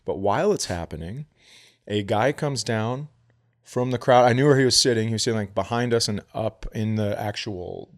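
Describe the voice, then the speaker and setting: Middle-aged male comic co-host, animated storyteller, slips into quick impressions. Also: fairly low pitch. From Minnesota. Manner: animated, does quick impressions of people in stories. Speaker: podcast co-host. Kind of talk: casual comedic storytelling.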